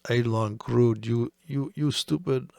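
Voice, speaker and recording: A mocking oil trader barks broken, halting taunts, as a man puts him on. The voice is gravelly and mid-pitched. It sits dry and close, with no room sound. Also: steady tone, darkish tone, no echo. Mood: taunting.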